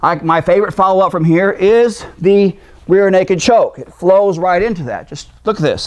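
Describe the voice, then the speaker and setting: Brief: high-pitched middle-aged male martial arts instructor, easygoing, talks while demonstrating moves on a partner. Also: lively intonation, normal speed, hardly any pauses. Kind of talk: demonstrating self-defense techniques.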